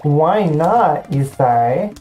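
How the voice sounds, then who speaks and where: Woman streamer, low mellow voice, playful banter, faint music behind. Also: expressive, drawn-out words, poor audio. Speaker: streamer host. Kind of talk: casual chat on a game stream.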